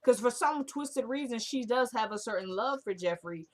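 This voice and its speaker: A woman giving a casual, chatty recap of a TV drama episode, opinionated and quick to react out loud. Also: a little high, lively intonation. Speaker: TV recap vlogger.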